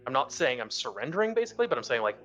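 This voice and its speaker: A man playing a sci-fi tabletop game, explaining his character's moves in a quick, joking way. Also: mid-range voice, big pitch swings, bright, forceful tone, muffled recording, soft background music. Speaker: player.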